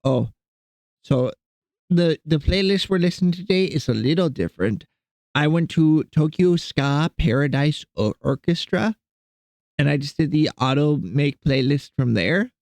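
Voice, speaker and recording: Young male streamer, lively rambling jokey chat at his home desk, dry close desk mic. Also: a little high, normal speed, vocal fry, no room sound. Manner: rambling, joking, chatting to his cats. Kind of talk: casual live-stream chat.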